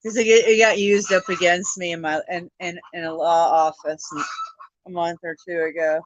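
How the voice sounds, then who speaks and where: A woman's voice: fairly low pitch, steady tone, normal speed, no echo, poor audio. A woman hosting a casual livestream chat. She sounds tired, swears often and laughs easily. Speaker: livestream host.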